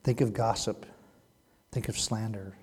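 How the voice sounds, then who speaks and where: A man preaching a sermon in a church, joking and teasing, then dropping to a hushed voice. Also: fairly low pitch, steady tone, a little slow, slightly rough. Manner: playful, teasing, swings from loud to hushed. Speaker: pastor. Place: church sanctuary.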